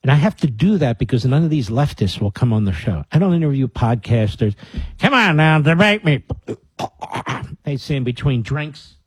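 A man's voice: medium pitch, expressive, a little fast, hardly any pauses, dark tone, breathy edge, no room sound. A man hosting a radio talk show, giving an emphatic monologue to his listeners with mocking asides. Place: radio studio.

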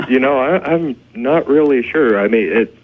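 A man's voice: mid-range voice, slight background noise. Hesitant male investigator on the phone. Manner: hesitant, storytelling. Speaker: paranormal investigator guest. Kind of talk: radio interview. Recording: tinny phone line.

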